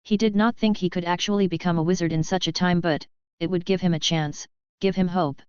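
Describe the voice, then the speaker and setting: A woman narrating a fantasy audiobook in a steady, even reading. Her voice is low-pitched and very clear. The audio is dry and slightly dull, with no room sound. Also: fairly quick, no echo. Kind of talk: scripted narration.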